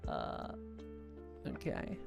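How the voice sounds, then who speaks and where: Rambling, excitable livestream host. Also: drawn-out words, faint music behind. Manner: rambling, chatty, self-correcting. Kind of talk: casual livestream chat over photos.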